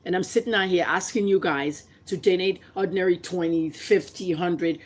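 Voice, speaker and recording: A woman's voice: fairly low pitch, normal speed. A woman from Nigeria with a Nigerian accent, vlogging her opinions in an impassioned, combative rant full of rhetorical questions. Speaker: vlogger and commentator.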